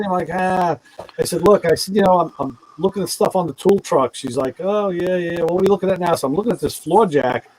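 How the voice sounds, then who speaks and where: A man's voice: a little high, a little fast, a little hiss or hum, low-quality recording. A middle-aged man telling a long anecdote in casual chat, acting out the voices of the people in it. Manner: animated storyteller who acts out quoted voices.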